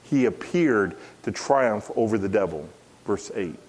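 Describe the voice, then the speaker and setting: A middle-aged man, a pastor, preaching an expository sermon in an earnest, emphatic way, repeating key phrases and rising in pitch when stressing a point. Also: lively intonation, unhurried, a little mellow, slightly rough.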